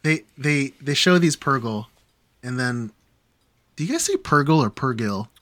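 Podcast co-host, man, mid-pitched everyday voice, close dry mic. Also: expressive, unhurried, fairly bright tone, no echo. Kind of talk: casual review chat.

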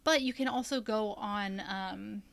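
A talkative woman chatting casually, wandering through her thoughts with many fillers and restarts. Her voice sits at a middle pitch and sounds dry and close to the mic. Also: a little slow, vocal fry, fairly bright tone, dry recording. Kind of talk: casual chat.

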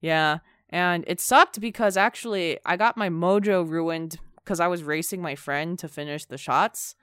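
Peppy woman with a deep, smooth voice. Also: unhurried, fairly bright tone, dry recording, clean studio sound. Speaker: podcast co-host. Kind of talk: casual storytelling chat.

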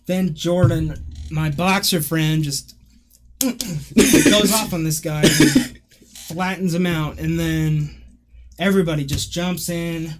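A man's voice: fairly high pitch, slow pace, pauses often. A man casually telling a story, laughing often and acting out what people said. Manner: laughing, animated retelling with acted-out quotes.

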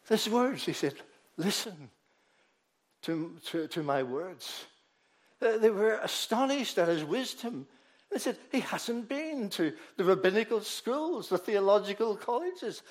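A man delivers a sermon with emphasis, swinging between loud proclamations and soft, hushed asides. He frequently repeats words along the way.

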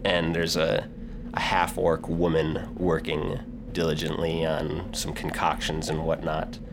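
A man's voice: a bass voice, monotone, unhurried, creaky, background noise. A man narrating as game master of a tabletop game, casual with many fillers. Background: music.

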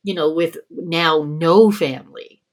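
A woman's voice: low voice, slow pace. A middle-aged woman from Canada, telling personal stories in a podcast conversation and often laughing between words. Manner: reflective, laughs often mid-sentence. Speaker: guest.

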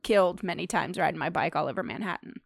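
A woman's voice: fairly low pitch, fast, creaky, husky, dry recording, studio quality. A woman in her thirties co-hosting a podcast, joking in a wry, laid-back way. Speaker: podcast co-host. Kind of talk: casual chat.

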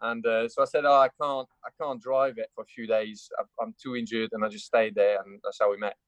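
A man's voice: lowish voice, flat delivery, fairly quick, no echo. A man from France with a French accent, a guest telling stories in casual chat, hesitant with many fillers and restarts. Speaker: guest, motorcycle racer.

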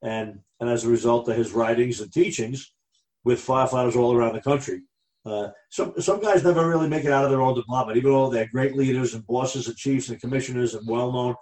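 A man's voice: medium pitch, brisk, darkish tone, echoey room. A man co-hosting a casual talk show, speaking plainly and often repeating himself. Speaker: podcast co-host. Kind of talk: casual conversation.

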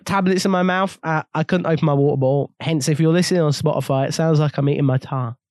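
A young man, co-hosting a podcast in crude, casual banter, laughing often and swinging between loud bursts and low mutters. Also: quick pace, no room sound, clean studio sound. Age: young adult. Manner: animated, jumps between shouting and low mumbling, laughs often. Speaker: podcast co-host.

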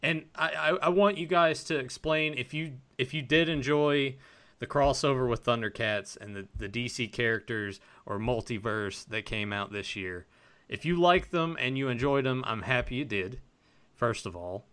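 Bright-voiced man hosting a fan podcast. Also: mid-range voice, moderate pace. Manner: animated, swears casually. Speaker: podcast host. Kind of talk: casual fan podcast chat.

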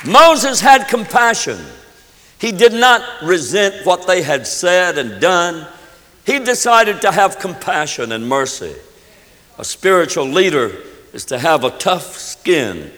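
Man preaching in a church, voice swinging up and down a lot, fairly high, long echo. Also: big pitch swings, unhurried, bright, forceful tone. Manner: emphatic preaching, leading the congregation in prayer. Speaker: pastor. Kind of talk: sermon.

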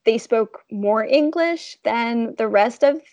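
A woman chatting casually as a podcast guest, relaxed and plain-spoken. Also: a little high, takes it slowly, dry recording. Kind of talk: casual chat. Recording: dull, dry lo-fi sound.

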